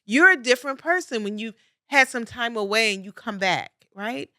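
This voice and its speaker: Bright-voiced woman podcast host. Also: a little high, animated, normal speed, dry recording, clean studio sound. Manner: warm, laughing, emphatic repetition. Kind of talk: conversational coaching monologue.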